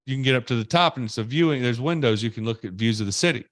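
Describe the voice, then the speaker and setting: A man hosting a podcast, telling a story in an animated, exaggerated way and wrapping up the show casually. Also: mid-range voice, rapid-fire, dry recording, clean studio sound. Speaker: podcast host.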